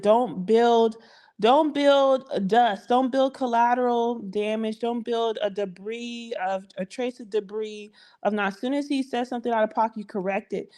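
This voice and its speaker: A woman giving casual relationship advice on a group call, acting out bits of dialogue as she talks. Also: fairly high pitch. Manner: animated, acts out quoted dialogue. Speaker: relationship coach.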